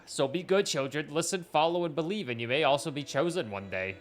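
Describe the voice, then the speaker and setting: A man voicing a village shaman who tells a legend slowly and solemnly, like a sermon. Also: on the high side, animated, faint music behind, close to an everyday voice.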